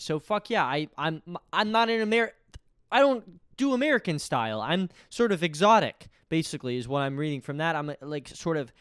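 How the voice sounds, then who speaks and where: A man's voice: on the high side, expressive, moderate pace, a bit bright, clean tone, dry recording, studio quality. A young man hosting his own podcast, talking casually in a rambling, self-deprecating way and often restarting his sentences. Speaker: podcast host. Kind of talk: casual solo podcast monologue.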